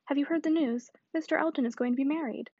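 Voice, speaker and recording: A woman's voice: high voice, fast talker, warm tone, dry recording, muffled recording, close to an everyday voice. A woman reading the part of a talkative spinster, effusive and rambling on in run-on chatter. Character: talkative middle-aged spinster, breathless and effusive.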